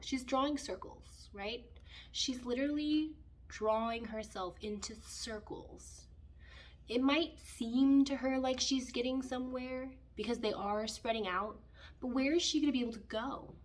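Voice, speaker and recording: A woman reads tarot casually and rambles as she goes, leaning on fillers. Her voice sits a little high for a woman. It is picked up from a distant mic. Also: steady tone, normal speed. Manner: rambling, filler-heavy, conversational. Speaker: tarot reader.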